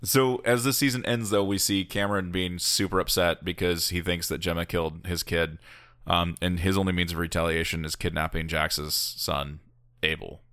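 Man, podcast co-host, very low pitch, forceful tone, dry sound, enthusiastic explainer. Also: steady tone, normal speed, no echo. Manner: enthusiastic, explains plot details. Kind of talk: casual chat.

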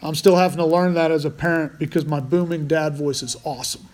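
A man's voice: on the high side, fairly even intonation, fairly quick, a little mellow. A man preaching a conversational sermon as pastor, restarting phrases often.

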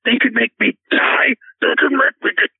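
A man doing a frantic gravelly caller on a tinny phone. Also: very high-pitched, fairly even intonation, moderate pace, no echo, heavily acted. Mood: ranting. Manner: swearing, rambling, stammering, breaking into sobs. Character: frantic, cursing, tearful man calling a radio show.

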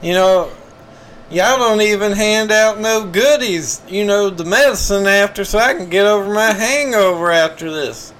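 Brash Southern redneck, put on by a man: high-pitched drawl, loud, folksy. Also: moderate pace, slight background noise. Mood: griping.

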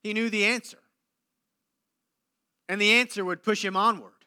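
A man preaching a sermon, moving between loud emphatic declarations and hushed, low passages with dramatic pauses. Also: steady tone, clean tone. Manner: slow deliberate delivery with dramatic pauses. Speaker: pastor.

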